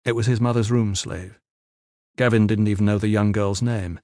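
A man reading a fantasy novel aloud in measured, even scripted narration. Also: lowish voice, no echo, studio quality. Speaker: audiobook narrator.

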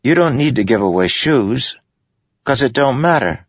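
A man doing a young street urchin boy who talks bluntly in slang, with a raised, husky voice. It is a storybook reading on a dry, muffled recording. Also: medium pitch, lively intonation, moderate pace, dry recording, voice pushed up, close to an everyday voice.

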